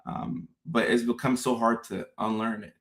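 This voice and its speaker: A man hosting a casual live stream, talking straight to his viewers in an animated way, often repeating words and acting out his own confused thoughts. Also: mid-range voice, moderate pace. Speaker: host. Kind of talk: casual livestream talk to viewers.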